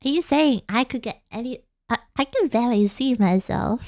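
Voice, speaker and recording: A woman's voice: fairly high pitch, lively intonation, normal speed, darkish tone, no echo, studio quality. A young woman from Australia, a vtuber chatting playfully late at night, giggling and rambling. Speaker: vtuber streamer. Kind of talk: casual late-night chat.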